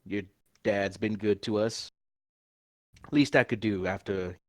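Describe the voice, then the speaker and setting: A man's voice: on the low side, fairly even intonation, takes it slowly, dry recording. A man playing a character in a tabletop game, easygoing and a little wry. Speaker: player.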